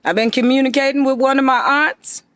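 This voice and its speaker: Lady ranting at her viewers, high voice, emphatic and preachy. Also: fairly even intonation, brisk, a bit bright, no echo, clean studio sound. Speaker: vlogger addressing viewers. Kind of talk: direct-to-camera monologue.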